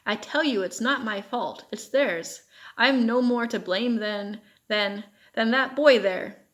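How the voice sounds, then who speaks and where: A woman's voice: on the high side, takes it slowly, a bit bright. A woman reading as a pleading captive soldier. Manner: pleading, insistent. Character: desperate young male Polish soldier captive.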